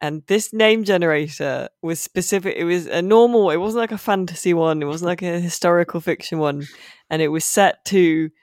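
A woman's voice: fairly low pitch, moderate pace, a little mellow, no room sound, clean studio sound. A woman hosting a podcast, chatting playfully and laughing often. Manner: giggly, playful. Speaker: podcast host. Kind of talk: casual podcast chat.

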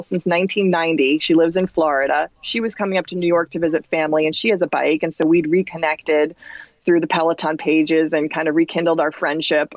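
A woman's voice: lowish voice, no room sound. Chatty woman from New Jersey, dull dry sound. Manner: chatty, animated retelling with fillers. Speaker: podcast guest. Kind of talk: casual storytelling.

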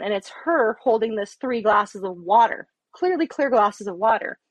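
A woman police officer, an adult with an underage daughter, tells a story casually in a mid-range, unhurried voice on a dry recording. She swears often and animatedly acts out both sides of the conversations.

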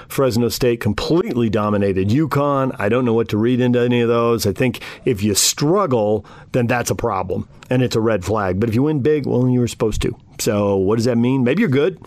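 A man's voice: mid-range voice, dry recording. Morning sports radio guy, punchy blunt takes, dry close mic, mid voice. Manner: opinionated, emphatic short verdicts.

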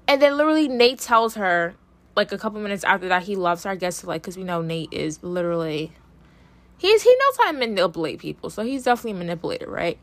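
Young woman, chatty TV recap, lively swooping delivery, dry close sound. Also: medium pitch, fast talker, no room sound. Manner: animated gossip, lots of "like", acts out characters' lines. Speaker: TV recap vlogger. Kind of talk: casual TV recap.

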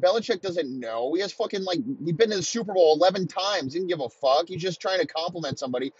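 A man in his thirties delivering a heated, profane comedic rant, talking in rapid-fire bursts. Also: high voice, expressive, breathy edge, highs cut off. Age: 30s.

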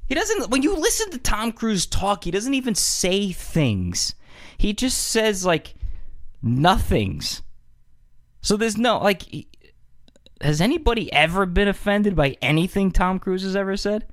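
A man hosting a podcast in a casual, joking monologue, animated and swearing freely. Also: high-pitched, measured pace, dry recording, studio quality. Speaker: podcast host.

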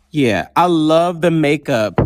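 A man co-hosting a podcast, chatting about a reality show in a sassy, teasing way. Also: mid-range voice. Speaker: podcast co-host. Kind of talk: casual reality-show recap chat.

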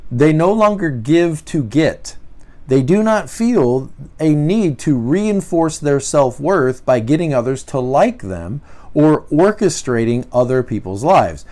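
A man's voice: on the high side, very animated, takes it slowly, mellow. A man hosting a faith-based self-help podcast, talking reflectively, repeating his questions aloud, with frequent "uh" and "you know". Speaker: podcast host.

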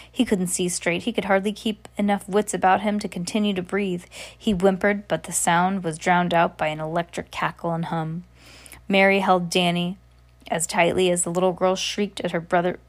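Woman casually reading a novel aloud. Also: fairly low pitch. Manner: chatty, self-correcting. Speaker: audiobook reader.

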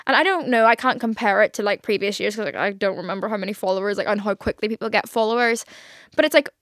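A woman's voice: mid-range voice, fast talker, fairly bright tone, no room sound, studio quality. A young Irish woman hosting a casual solo podcast, chatty and gushing with lots of "like" fillers. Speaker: podcast host.

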